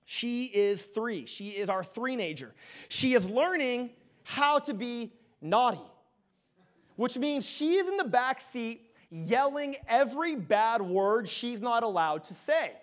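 A man in his thirties preaching a sermon, telling a family story with animated, self-deprecating humor. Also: very high-pitched, slow. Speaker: pastor.

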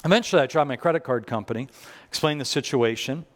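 A man's voice: medium pitch, quick pace. A man preaching a sermon as pastor, telling stories conversationally with self-deprecating humor, in a church. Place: church sanctuary. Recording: long reverb of a large church hall.

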